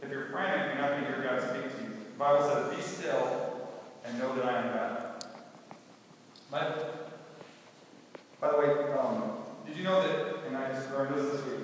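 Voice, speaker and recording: Folksy pastor preaching in echoey hall. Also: male voice, medium pitch, fairly even intonation, normal speed, pauses often, a little hiss or hum. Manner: conversational, folksy preaching with asides. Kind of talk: sermon. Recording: echoey hall, mic far off.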